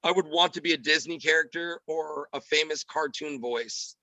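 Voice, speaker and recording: A man in casual podcast conversation, a comedian who talks fast and animatedly. His voice sits a little high and sounds piercingly bright. The recording is dry, with no room sound. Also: no room sound, poor audio. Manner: animated, quick, drops into character voices.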